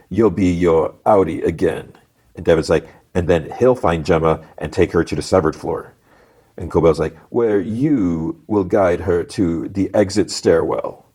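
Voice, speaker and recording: A man's voice: deep voice, a little mellow. A man hosting a podcast, casually recapping a TV episode in a rambling way, full of restarts and retold dialogue. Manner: rambling, retells scenes with many restarts and "he's like". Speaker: podcast host.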